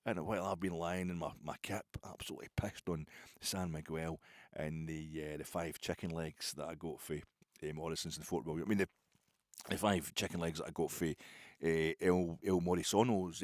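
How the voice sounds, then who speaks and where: Scottish guy rambling on his pod, low husky voice, dry sound, self-mocking. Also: steady tone, moderate pace, dry recording. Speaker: podcast host. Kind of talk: casual storytelling monologue.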